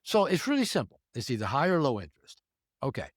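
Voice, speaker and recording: Talking fast in a mid-range voice, this older relationship therapist offers casual advice during an interview. He's animated, performing little dialogues and switching voices for each part. The studio recording is clean, with no room sound.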